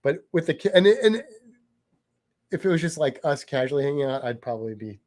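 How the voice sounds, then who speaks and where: A man co-hosting a relaxed chat show, rambling along with frequent restarts and self-corrections. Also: on the high side, brisk. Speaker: podcast co-host. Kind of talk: casual chat.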